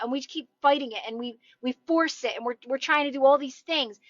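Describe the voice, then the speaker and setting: A woman's voice: high-pitched, a little fast, few pauses, a bit bright, dry recording, highs cut off. A woman coaching viewers in a chatty, encouraging live stream from her parked car, often checking in with "right?". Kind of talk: casual live-stream motivational chat.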